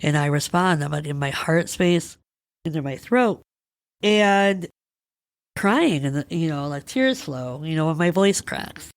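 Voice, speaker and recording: A woman's voice: low voice, animated, unhurried, no echo. A woman hosting a podcast, talking through a personal experience in a candid, emotional, searching way. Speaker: podcast host. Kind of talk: personal reflective monologue.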